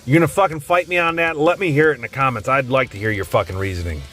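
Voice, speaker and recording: A man's voice: medium pitch, fast talker, a bit bright, faint music behind. A man hosting a tier-list video, talking casually and bluntly, rambling and cursing constantly as he ranks old wrestling gimmicks. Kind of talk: casual profane commentary.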